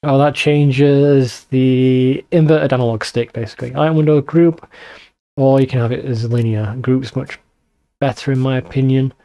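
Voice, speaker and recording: A man's voice: mid-range voice, fairly even intonation, moderate pace, dark tone. A man with a northern English accent chatting casually and swearing while commenting on a video game. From northern England. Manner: chatty, swears freely, mocking asides. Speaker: let's play host.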